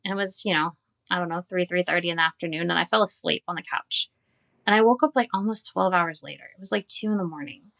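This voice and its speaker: A woman's voice: lowish voice, fast, gravelly, a bit bright. A woman in her forties, a dietitian, telling her personal story candidly and earnestly in an interview. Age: 40s. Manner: candid and earnest, recounting with quoted dialogue. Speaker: dietitian and guest.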